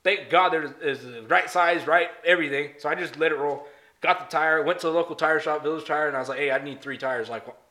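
Guy rattling off stories quick, bright kinda high voice, cusses constantly. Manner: animated storyteller, swears a lot, says dude. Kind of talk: casual chat.

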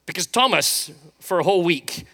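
A middle-aged man delivers a sermon in a storytelling way, acting out the lines of the people in his anecdotes. His voice sits high and swings widely in pitch. The tone is bright and forward. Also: normal speed. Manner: storytelling, animated, acts out quotes. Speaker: pastor.

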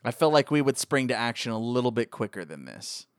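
Animated man in casual movie talk. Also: brisk, clear, resonant tone, no room sound, studio quality. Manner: animated, jumps into high excited voices when joking.

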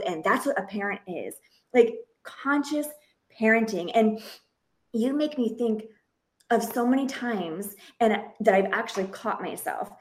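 A woman in her thirties hosts a casual podcast conversation as a parenting coach. Her voice sits fairly high, and she talks earnestly and expressively, often breaking off and restarting her sentences. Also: animated, measured pace.

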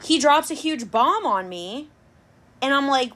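A young woman hosting a podcast, telling a dating story in an animated, chatty way. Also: high-pitched, measured pace. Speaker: podcast host. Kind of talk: casual chat.

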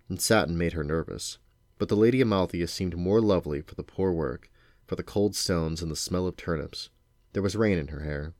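A man with a deep voice reads a novel aloud to his children. He narrates in a steady, unhurried way. The sound is dry, with no room echo. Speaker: parent reading to his children.

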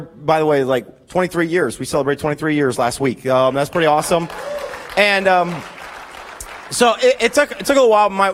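A man in his forties preaching a sermon, telling animated, joking stories about his own marriage with frequent restarts. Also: high-pitched. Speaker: pastor.

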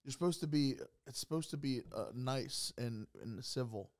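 A man's voice: mid-range voice, moderate pace. A man co-hosting a casual podcast, joking and reacting with laughter. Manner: laughs a lot, jokey interjections. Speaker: podcast co-host. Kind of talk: casual chat.

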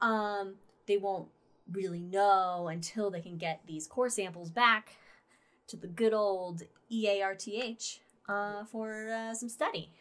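A woman's voice: mid-range voice, steady tone, a little slow, fairly bright tone. A woman co-hosting a casual podcast, rambling with frequent fillers and laughter. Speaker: podcast co-host. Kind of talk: casual chat.

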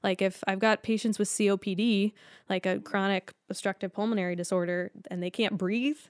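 A woman speech-language pathologist explains her work as a guest in a chatty, casual interview, filling gaps with "like" and "um" and laughing easily. Her voice is medium-pitched and smooth, fairly even in intonation and fairly quick. The sound is clean studio quality with no room sound.

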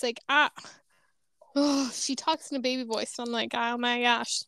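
High-voiced woman telling lively stories. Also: normal speed, vocal fry, clean tone, no echo. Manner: animated storytelling, acts out quoted people. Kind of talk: casual chat.

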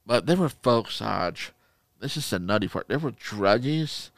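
Gravelly, animated male storyteller. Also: lowish voice, measured pace, no room sound. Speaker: podcast co-host. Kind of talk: casual chat.

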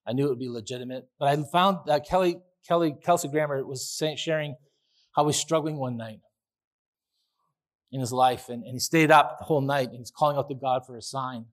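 A pastor preaching a sermon in a chatty, enthusiastic way, with restarts and asides. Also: male voice, medium pitch, fairly quick. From Canada. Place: church.

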